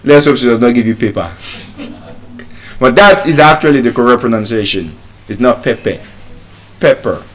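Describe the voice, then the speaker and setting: A middle-aged man with a Nigerian accent teaching English pronunciation, repeating each word slowly to demonstrate the sounds. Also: medium pitch. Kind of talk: spoken English lesson.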